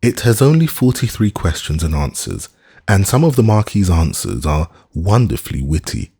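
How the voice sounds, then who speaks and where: Man playing a giddy young gentleman, exuberant and declamatory, slightly husky. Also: very animated, full character voice. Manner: rapid, high-spirited, declamatory.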